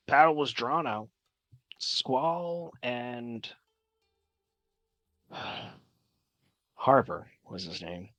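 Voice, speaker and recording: A man's voice: fairly low pitch, fairly bright tone, no echo. A man narrating as game master in a tabletop game, talking casually with many fillers and restarts.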